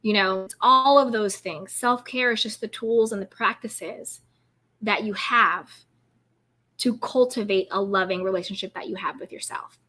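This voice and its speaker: A woman's voice: mid-range voice, normal speed, sharp tone. A woman hosting a live stream as a self-care coach, talking in an encouraging, upbeat and affirming way. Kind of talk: casual live-stream talk.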